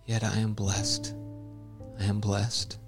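A man voicing a grieving coal miner father who slowly half-sings a hymn in a subdued voice. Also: lowish voice, level tone, soft background music. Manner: slow, subdued half-sung delivery. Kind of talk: dramatic reading.

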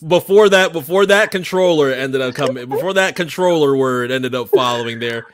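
A man co-hosting a podcast in casual chat, animated and playful, often stammering and restarting his sentences. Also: medium pitch, moderate pace. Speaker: podcast co-host.

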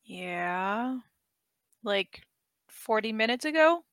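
A woman's voice: fairly high pitch, animated, extremely slow, a bit bright, clear, resonant tone, no echo, studio quality. A woman playing a tabletop role-playing game, giving brief, matter-of-fact answers in character. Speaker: player.

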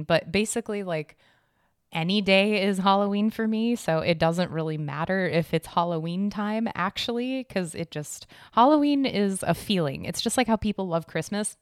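A woman hosts her podcast from home, talking in a loose, rambling, chipper way, her lowish voice still a bit hoarse. The sound is close and dry on a desk mic. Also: no room sound. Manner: chipper, rambling, laughs often. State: hoarse, recovering from lost voice. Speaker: podcast host. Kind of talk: casual chat. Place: home room decorated for Halloween.

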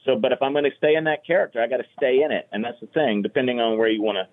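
Veteran comic on a phone line. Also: male voice, mid-range voice, very fast. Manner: earnest, explanatory, repeats "you know". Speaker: stand-up comic and voice impressionist. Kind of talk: casual podcast advice.

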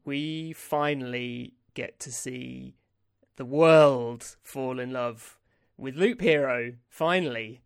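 Gravelly enthusiastic male podcast host. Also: mid-range voice, takes it slowly, no room sound, studio quality. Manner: enthusiastic, jokey. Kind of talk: casual podcast chat.

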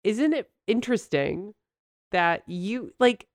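A woman's voice: mid-range voice, animated, slow pace, no echo, studio quality. A woman co-hosting a podcast in casual chat, bubbly and rambling, laughing often as she talks. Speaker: podcast co-host.

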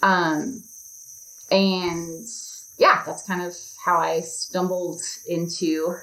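A woman with a somewhat low voice tells her story as a podcast guest, rambling in a friendly, chatty way full of ums and likes. Her voice rings with a roomy echo. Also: little pitch movement, very slow, sharp tone. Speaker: podcast guest, instructional designer. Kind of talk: casual interview chat.

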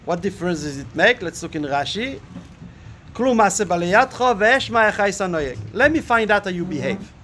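A man teaches a Talmud lesson. He reads a passage aloud and then unpacks it with rhetorical questions, pausing on fillers as he thinks. A faint hiss sits under his voice. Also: high voice, lively intonation, pushed and bright. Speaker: Torah teacher. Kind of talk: Talmud lesson, reading and translating a text.

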